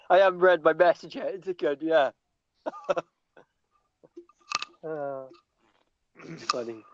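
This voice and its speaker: A man's voice: on the high side, dull audio. A man co-hosting a livestream in casual, joking, profanity-heavy banter. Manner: joking, swearing, laughing often. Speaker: livestream co-host.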